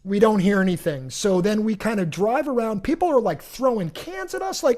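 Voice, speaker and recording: A middle-aged man hosting a podcast, telling a long personal story in an animated, rambling way with many restarts. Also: sits high, moderate pace. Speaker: podcast host. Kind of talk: casual storytelling.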